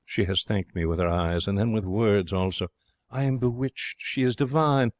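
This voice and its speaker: Brief: male narrator as a romantic young Frenchman, theatrical, broken English, lowish voice, dry studio sound. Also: moderate pace, dry recording, lightly acted. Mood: excitable. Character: excitable young Frenchman, romantic would-be artist. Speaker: audiobook narrator. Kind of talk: audiobook reading.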